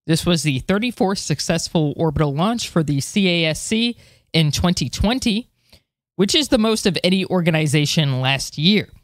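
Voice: mid-range voice, no echo, clean studio sound. A podcast co-host chatting casually and reading space news. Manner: lively, quick laughs. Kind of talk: casual chat and read news.

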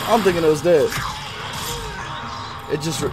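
A man streaming a game live, chatting casually with viewers in slang and swinging from low muttering to loud outbursts. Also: moderate pace, very noisy. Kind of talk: live gameplay commentary.

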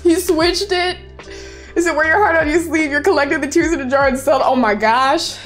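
A woman's voice: high-pitched, normal speed, soft background music. A young woman in her twenties streaming and reading viewer messages aloud in a bubbly, gushing way. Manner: bubbly, gushing, squeals and laughs. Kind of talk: casual livestream chat, reading viewer messages.

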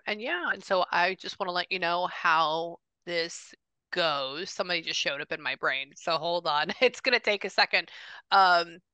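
A woman working as a medium, running a relaxed session with a client over a video call. Her voice sits a little low yet rings bright and smooth, recorded dry and close. She chats freely, restarting sentences and repeating phrases. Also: dry recording. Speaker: psychic medium. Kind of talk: casual reading session with a client.

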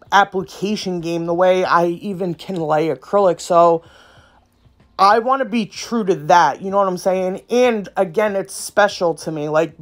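A woman nail artist and brand ambassador chatting casually to her viewers, rambling, slangy and outspoken. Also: medium pitch. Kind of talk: casual vlog chat to viewers.

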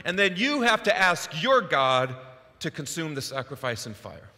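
A man voicing a bold male prophet who declaims forcefully as he confronts a king, heard with a long church reverb. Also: mid-range voice, lively intonation, moderate pace. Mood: challenging.

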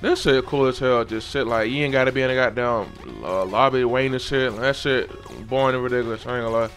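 A young man giving loose, profane, excitable commentary while playing a game. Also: mid-range voice, quick pace, faint music behind. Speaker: gamer. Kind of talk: casual gameplay commentary.

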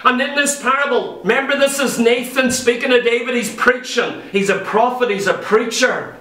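In a church hall, a man preaches a sermon built around a Bible story, telling it emphatically and repeating key phrases. His voice is very high-pitched and a bit bright, at a moderate pace, and the recording has a roomy church sound with the mic far off.

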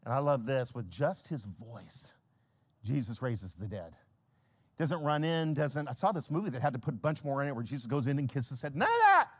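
A man preaching a sermon as pastor, telling Bible stories with humor and acting out the characters, dropping to a hush and then rising to a shout. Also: medium pitch, normal speed. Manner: animated, swings from hushed to shouting when quoting scripture; storytelling, acts out biblical characters with humor.

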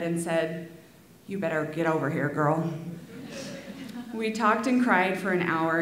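A woman reading a heartfelt memorial tribute to her father, with soft laughs between lines, in a school auditorium. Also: lowish voice, slight background noise. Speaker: daughter giving a eulogy. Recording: echoey hall.

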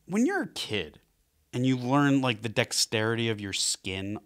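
A male comedian guest chatting on a comedy podcast. He tells his anecdotes in a relaxed, wry, mid-pitched voice. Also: moderate pace. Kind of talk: casual comedy podcast chat.

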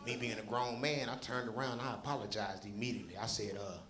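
A man from Dallas doing profane, animated stand-up storytelling on a comedy club stage into a handheld mic. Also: on the low side, fast. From Dallas, Texas. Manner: profane, animated, punchy delivery. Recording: echoey club with crowd noise.

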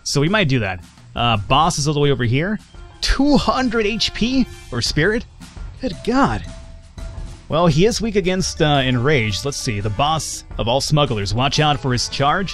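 A man's voice: mid-range voice, fairly quick, fairly bright tone, soft background music. Jokey male let's-play host. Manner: jokey, chatty, reads game text aloud. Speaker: gaming channel host. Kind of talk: casual let's-play commentary.

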